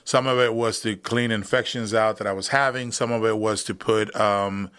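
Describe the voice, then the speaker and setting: Low-voiced man telling his story casually. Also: normal speed, smooth. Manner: relaxed, matter-of-fact, many fillers. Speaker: podcast guest, wounded veteran.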